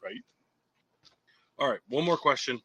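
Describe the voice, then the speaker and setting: A man's voice: medium pitch, measured pace, sharp tone, dry recording. A man co-hosting a casual livecast in a laid-back, wry way, moving the show along to the next question. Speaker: livecast co-host who runs the questions. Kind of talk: casual chat.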